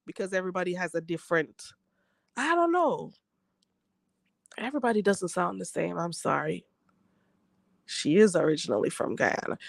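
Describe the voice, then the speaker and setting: A Jamaican woman with a mid-range voice hosts a livestream, chatting casually and reading out viewer comments. She laughs often and repeats phrases for emphasis, and there's no echo on the audio.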